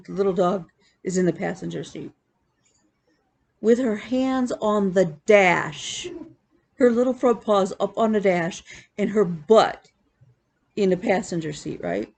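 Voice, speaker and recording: A woman vlogging about her cross-stitch hobby, telling animated, chatty stories with laughs. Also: mid-range voice, vocal fry, breathy edge. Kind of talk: casual chat.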